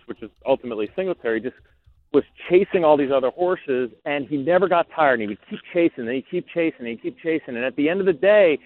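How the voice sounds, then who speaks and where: A man who founded a racehorse syndicate, telling a story in an interview, excited and rambling with many fillers and restarts. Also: medium pitch, no echo. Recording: tinny phone line.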